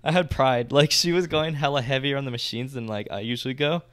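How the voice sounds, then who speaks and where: A man's voice: mid-range voice, fast talker, a bit bright, dry recording. Young man, podcast co-host, slangy casual storytelling, lots of swearing, dry close sound.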